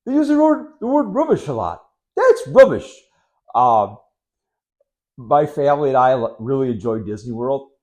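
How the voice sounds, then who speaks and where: A middle-aged man from Wisconsin rambling casually to camera, unhurried and full of ums, with sarcastic asides. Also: mid-range voice, very animated, a little mellow. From Wisconsin, United States. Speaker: vlogger.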